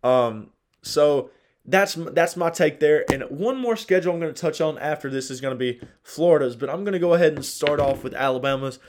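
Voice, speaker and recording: A man's voice: a little high, a little fast, slight background noise. A young man hosting a casual solo sports podcast, chatty, laughing often and restarting his sentences. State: dry throat. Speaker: podcast host.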